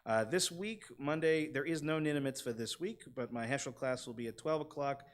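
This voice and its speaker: In a synagogue sanctuary, a congested man leading the service chats his way through the congregation announcements, trailing off into loose asides. His voice is mid-range and fairly quick.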